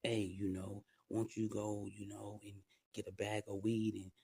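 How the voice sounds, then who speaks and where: A man's voice: on the low side, level tone, measured pace, gravelly, slightly rough, no room sound, studio quality, full character voice. A man murmuring as a sly coaxing tempter. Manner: soft, hesitant, wheedling suggestions.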